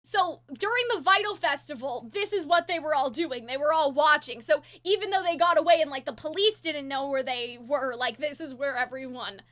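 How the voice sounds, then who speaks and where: A young woman hosts a casual reaction chat, thinking out loud in a rambling, excited way full of fillers. Her voice is very high and bright with a forceful edge. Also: normal speed, few pauses. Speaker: host.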